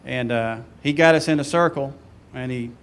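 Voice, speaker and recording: A man telling an animated story about his old team and laughing along with it. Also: medium pitch, normal speed, clean tone. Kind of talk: storytelling at a reunion panel.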